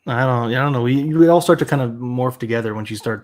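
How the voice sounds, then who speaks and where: A man's voice: medium pitch, fast talker, a little mellow. A man appearing as a guest in a casual chat, teasing and joking.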